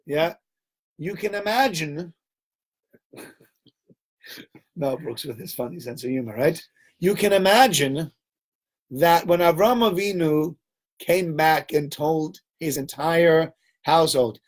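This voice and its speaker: A man's voice: fairly high pitch, slow, pauses often. A man giving an informal Torah talk to a group, acting out the dialogue in his stories. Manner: animated storyteller, acts out dialogue. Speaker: teacher.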